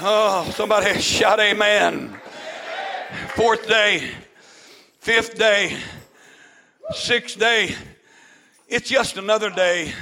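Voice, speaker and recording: A male pastor, preaching a fervent shouted sermon to his congregation, peppered with "amen" and "uh". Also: sits high, takes it slowly, gravelly, pauses often, poor audio. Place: church with congregation.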